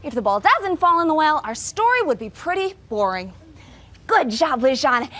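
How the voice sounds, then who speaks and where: A woman's voice: high-pitched, sing-song, normal speed, fairly bright tone. A woman performing live children's theatre, playing a spoiled, dramatic young princess in an exaggerated sing-song storytelling voice and chatting with the kids.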